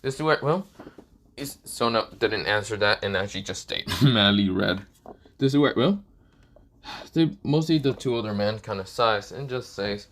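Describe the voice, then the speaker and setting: A man improvises a fan-fiction story out loud, rambling from beat to beat with the same filler phrases over and over. His voice sits a little low and plain. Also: expressive, normal speed.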